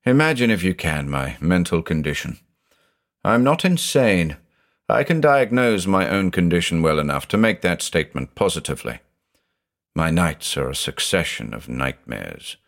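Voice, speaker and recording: A man's voice: low voice, very animated, normal speed, vocal fry, fairly bright tone, exaggerated voice. A man reading a haunted older judge who talks in an intense, growling, confessional way. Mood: anguished. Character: haunted, obsessive older male judge, brooding.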